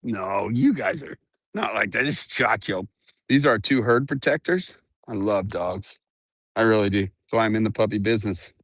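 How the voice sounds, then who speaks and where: A man's voice: on the low side, moderate pace, fairly bright tone, no room sound, studio quality. A middle-aged man chatting casually through an earbud mic while walking around his ranch outdoors, laughing often and cooing at his dogs. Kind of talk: casual walk-around vlog.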